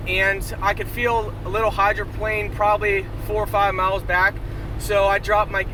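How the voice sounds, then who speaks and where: A breathless man with a high-pitched voice talks into his phone from inside his car, shaken and rambling as he loses his words. Heavy rain and road noise roar loudly behind him. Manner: rattled, rambling, keeps losing his words. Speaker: vlogger. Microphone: phone camera held in hand.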